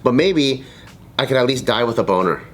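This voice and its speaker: A man's voice: medium pitch, animated, fairly quick, fairly bright tone. A man in a casual panel chat, making crude jokes and leaning on fillers. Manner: crude joking, filler-heavy.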